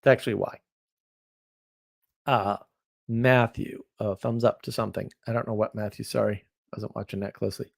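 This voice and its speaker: A man's voice: on the low side, steady tone, gravelly. Rambling, opinionated man on a livestream. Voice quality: rambling, opinionated, quick shifts in loudness. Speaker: livestream host. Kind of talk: casual livestream chat reading viewer comments.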